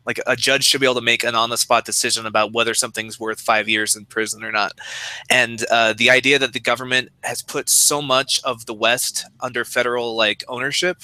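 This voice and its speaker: Man, podcast co-host, very bright tense tone, dry close mic, thoughtful and even-handed. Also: mid-range voice, no room sound, low-quality recording. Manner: measured and reflective, weighs both sides. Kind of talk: casual chat.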